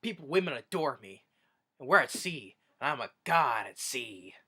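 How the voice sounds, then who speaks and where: A man's voice: mid-range voice, sing-song, normal speed, pushed and bright, breathy edge, full character voice. A man voicing a pompous, blustering rich husband who plays captain of his yacht. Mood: boastful.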